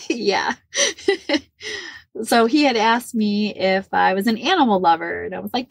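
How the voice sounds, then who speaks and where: A woman in her forties from the Midwest of the United States, telling a personal story as a podcast guest, animated and laughing often. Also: medium pitch, a little slow, vocal fry, long pauses, husky, no room sound. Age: 40s. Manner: animated, laughs often, acts out quoted dialogue.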